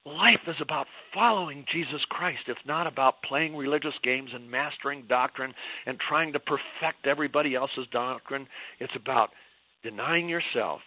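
A man's voice: mid-range voice, normal speed, pushed and bright, no room sound. An older man speaking as a guest on a Christian radio talk show, preaching fervently and emphatically, rising and falling for effect. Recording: dull lo-fi radio sound.

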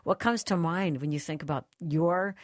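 A woman's voice: deep voice, normal speed, no room sound. A woman hosting a Christian talk radio show, interviewing a guest in an enthusiastic, prompting way.

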